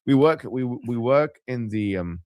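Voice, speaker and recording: A man's voice: mid-range voice, animated, measured pace, darkish tone, dry recording, clean studio sound. A man arguing insistently in a debate call, repeating himself to press his point. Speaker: debate show host.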